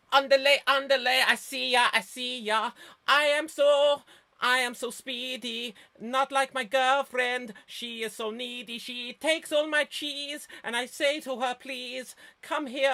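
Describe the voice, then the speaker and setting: A man voicing a cocky, fast cartoon mouse in an improvised musical theatre number, with sing-song rhyming patter. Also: high voice, clean tone, pitched above the performer's own voice. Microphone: video call.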